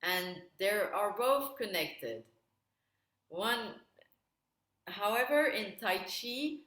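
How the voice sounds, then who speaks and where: A woman instructor leading an online wellbeing workshop, calmly cueing movements step by step over a video call. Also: mid-range voice, recorded from a distance. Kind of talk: guided exercise instruction. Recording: very echoey room, voice away from the mic.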